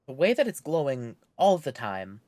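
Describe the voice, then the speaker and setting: A man streaming a game, chatting casually and joking in an excitable way. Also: medium pitch, normal speed, dry recording, clean studio sound. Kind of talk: casual gameplay chat.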